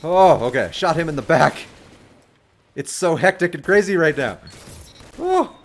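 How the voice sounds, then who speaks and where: A man streaming a video game, chatting casually with lots of fillers and sudden excited outbursts. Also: fairly high pitch, normal speed. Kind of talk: casual livestream commentary. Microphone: desk microphone.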